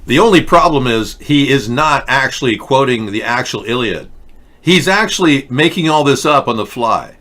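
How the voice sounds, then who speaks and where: A man with a bright, forward voice hosts a satirical politics show. He rambles through mocking, sarcastic rants at a middling pitch. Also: animated, moderate pace. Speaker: host.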